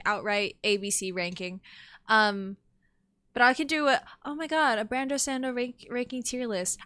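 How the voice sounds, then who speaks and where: A young woman streaming a game, chatting excitably and swearing freely. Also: fairly high pitch, clean tone. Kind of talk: casual live-stream chat.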